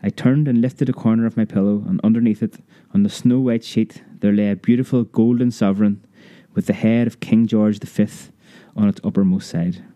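Male narrator, memoir audiobook, measured, dark mellow voice, dry close sound. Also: lowish voice, fairly even intonation, no echo. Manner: measured, vivid storytelling.

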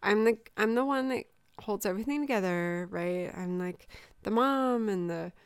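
A woman in her forties from Southern California speaks candidly about her week, her voice carrying a gravelly edge. The recording is dry and close. She talks in loose, emotional bursts with plenty of fillers. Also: medium pitch, normal speed, no echo. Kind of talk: casual chat.

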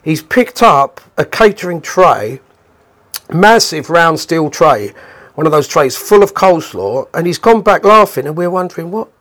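A middle-aged man hosting a podcast, telling a story in an animated way and acting out the voices of the people in it. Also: a little high, measured pace. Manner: animated, acts out the quoted voices of people in his stories. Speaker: podcast host. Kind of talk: storytelling monologue.

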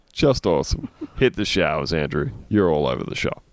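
Low-voiced man hosting comedy news. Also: sing-song, normal speed, dry recording. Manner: wry, laughing asides while reading articles aloud. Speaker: podcast host.

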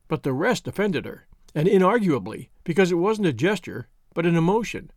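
A man's voice: a little high, big pitch swings, a little fast, darkish tone, no echo, studio quality. A man narrating a novel as an audiobook, giving each character a voice.

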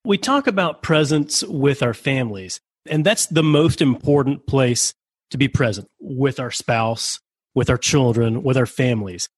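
A man's voice: medium pitch, lively intonation, a little slow, slightly rough, no room sound. A man hosting an interview, affirming his guest and asking thoughtful questions. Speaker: interview host. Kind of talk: interview conversation.

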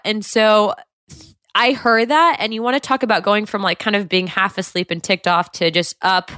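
A woman's voice: mid-range voice, fairly even intonation, normal speed, fairly bright tone, smooth, dry recording, clean studio sound. A woman telling a personal story in an earnest, casual way, with many fillers and restarts. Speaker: guest telling her story.

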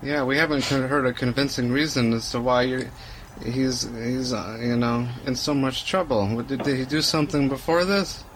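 A man's voice: medium pitch, fairly even intonation, normal speed, a little hiss or hum, poor audio. A man playing a tabletop game who talks hesitantly and agreeably, with restarts. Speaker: player.

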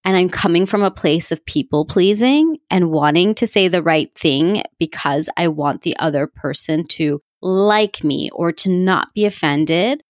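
A woman's voice: fairly low pitch, dry recording, studio quality. A woman hosting a podcast, giving casual self-help advice in a chatty, coaching way, often laughing at herself and talking straight to her listeners. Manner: coaching, addresses listeners directly. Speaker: podcast host.

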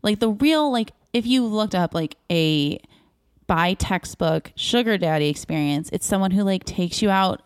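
A woman's voice: medium pitch, expressive, measured pace, smooth, no room sound, studio quality. A young woman comedian telling candid, profane stories in a casual podcast chat, with lots of "like". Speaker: comedian guest.

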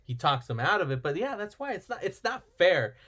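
A man's voice: high-pitched, sing-song, brisk, sharp tone. A man chatting casually as a podcast co-host, retelling a film plot in a rambling way and acting out the characters' lines. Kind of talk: casual movie recap chat.

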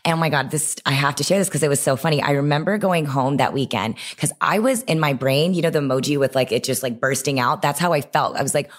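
Young woman, low register, podcast guest recounting her start; animated, quotes her own thoughts. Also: quick pace, few pauses. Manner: animated storytelling with quoted inner voices. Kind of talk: podcast interview.

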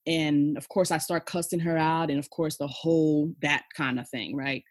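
A woman's voice: low voice, fairly even intonation, normal speed, no echo. A woman in her forties, a podcast guest, telling her personal story frankly and emphatically, often tagging lines with "okay?" and "you know". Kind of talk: candid personal storytelling in conversation.

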